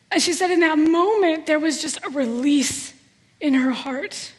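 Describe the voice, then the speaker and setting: A woman's voice: sits high, measured pace, long reverb tail. A woman giving a sermon, telling a personal story in an earnest, heartfelt way. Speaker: guest preacher. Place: church sanctuary.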